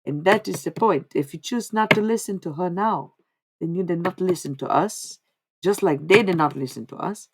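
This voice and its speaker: A woman's voice: fairly low pitch, moderate pace, a little hiss or hum, close to an everyday voice. A woman channeling a solemn old holy man.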